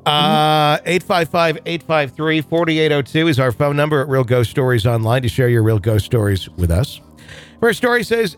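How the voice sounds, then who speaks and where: A man hosting a podcast, chatting casually and reading a listener's letter aloud in a relaxed, joking way. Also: on the high side, normal speed, faint music behind. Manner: relaxed, joking, with many fillers. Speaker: podcast host.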